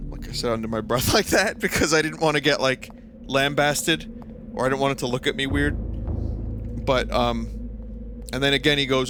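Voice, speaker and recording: A man's voice: mid-range voice, normal speed, heavy background noise. A man with a New York accent streaming a video game, telling a rambling, profane story full of restarts as casual gameplay commentary. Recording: loud game music behind the voice.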